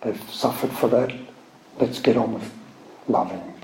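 A man teaching from the Bible, reading scripture aloud slowly with emphatic stress and explaining it. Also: fairly low pitch, gravelly, darkish tone. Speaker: preacher. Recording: echoey room, faint background noise.

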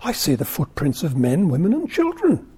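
A man's voice: fairly high pitch, wildly swooping pitch, moderate pace, mellow, husky, heavily acted. A man reading a stern, hot-tempered ancient king. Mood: emphatic. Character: stern ancient male king, quick to anger.

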